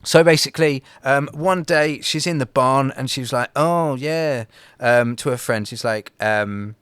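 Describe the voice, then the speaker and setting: A man's voice: medium pitch, steady tone, normal speed, fairly bright tone, smooth, no echo. A man co-hosting a casual podcast, telling a folk tale in a rambling way with lots of fillers, restarts and swearing. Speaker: podcast co-host. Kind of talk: casual storytelling chat.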